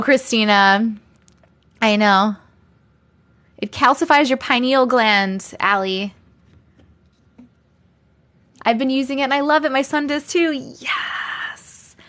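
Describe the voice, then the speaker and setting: A woman's voice: fairly high pitch, a little slow, a bit bright. A woman hosting a live stream, chatting casually with viewers, reading out their comments and laughing often. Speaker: livestream host reading viewer stories.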